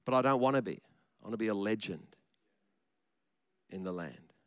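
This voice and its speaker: Man, pastor, chatty sermon, smooth resonant voice, dry close sound. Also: lowish voice, lively intonation, normal speed, no echo. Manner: conversational preacher, joking asides, repeats words. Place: church.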